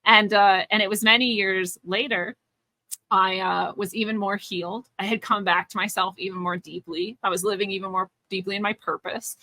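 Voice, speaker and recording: A woman's voice: medium pitch, steady tone, normal speed, bright, forceful tone, no room sound. A woman being interviewed as a spiritual teacher, telling a personal story in an earnest, searching way with frequent restarts.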